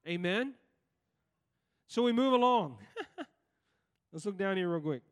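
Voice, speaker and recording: A man with a high voice preaches to his congregation, throwing questions out to the room as he reads and explains scripture. His voice rings with a long reverb through the church sanctuary. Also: expressive, takes it slowly, smooth. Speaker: pastor. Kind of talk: sermon.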